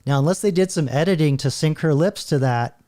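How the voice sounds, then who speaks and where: A man's voice: fairly high pitch, a little fast, dark tone. Rambling man hosting a commentary channel. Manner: rambling, stop-start, laughing often. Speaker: channel host. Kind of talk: casual commentary while browsing videos.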